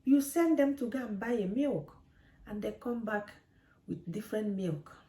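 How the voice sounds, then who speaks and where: A woman's voice: medium pitch, animated, normal speed, warm tone. A woman, a mother, talking straight to camera with parenting advice, earnest and preachy and repeating her points. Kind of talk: direct-to-camera advice talk. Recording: echoey room.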